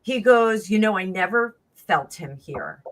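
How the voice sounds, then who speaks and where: A woman telling a long personal story in casual chat, rambling and animated, acting out the voices of the people in it. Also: medium pitch, a little slow. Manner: rambling, animated, acts out quoted dialogue. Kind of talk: casual storytelling on a live stream.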